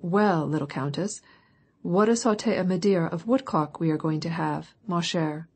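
A woman's voice: on the low side, normal speed, a little mellow, breathy edge. A woman reading an audiobook voicing a jovial, blustering old count. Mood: hearty. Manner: hearty, blustering. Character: jovial grey-haired old count, indulgent husband.

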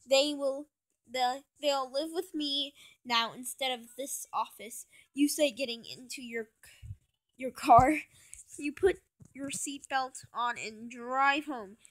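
A woman's voice: on the high side, slow, a bit bright. A young woman reading her own fan story aloud, stumbling and restarting often. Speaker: fan fiction reader.

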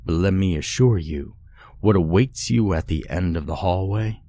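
A man voicing a grinning, softly menacing male captor who talks in a folksy, unhurried drawl. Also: deep voice. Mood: sly menace.

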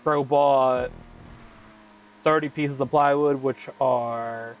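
A man's voice: medium pitch, fairly even intonation, slow, highs cut off. Man telling a rambling story while gaming. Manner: profane, rambling storytelling with slang fillers. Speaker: gaming channel host. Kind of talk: casual chat while racing in a game.

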